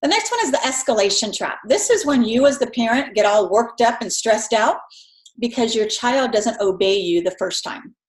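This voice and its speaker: A woman giving a conversational recorded lecture as an instructor, acting out parents and children in quick voices. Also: a little high, animated, roomy sound, poor audio.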